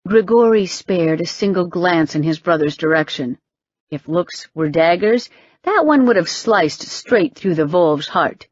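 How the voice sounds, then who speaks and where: Low, soft-spoken breathy woman narrator. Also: expressive, unhurried, no echo, dull audio. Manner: reads all characters, rising in pitch for them. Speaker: audiobook narrator. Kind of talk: scripted narration.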